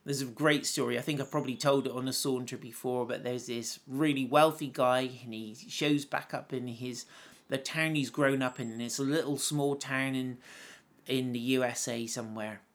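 Gravelly-voiced man teaching scripture. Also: mid-range voice, fairly even intonation, moderate pace. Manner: conversational storyteller, laughs often. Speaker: Bible teacher. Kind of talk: informal Bible teaching.

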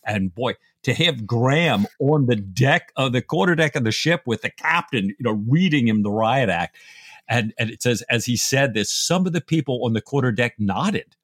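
A man co-hosts a book podcast, retelling scenes with amused, chatty asides. His voice is husky. The recording is dry and close. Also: medium pitch, expressive, normal speed, fairly bright tone, no room sound. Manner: chatty, amused, says "you know" often. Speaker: podcast co-host.

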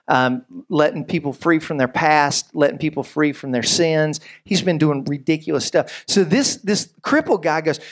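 A man giving a sermon as a pastor. He tells stories with lively humor and often drifts into asides. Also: sits high. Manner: lively, joking storyteller with frequent asides.

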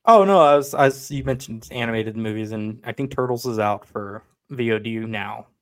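A man co-hosting a casual podcast chat, upbeat and quick with his remarks. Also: on the low side, steady tone, no echo, clean studio sound. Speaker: podcast co-host.

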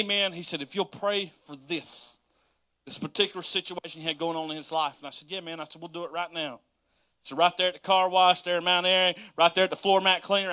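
A man preaches by telling a story, folksy and animated. His voice sits high and sounds bright and forceful. He calls the congregation "y'all" and breaks into short laughs along the way. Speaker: pastor. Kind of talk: storytelling sermon.

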